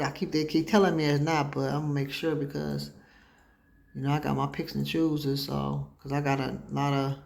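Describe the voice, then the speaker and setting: A woman with a very deep, slightly mellow voice and vocal fry rambles casually to her audience while hosting a home livestream talk show. The sound has the echo of the room she's in.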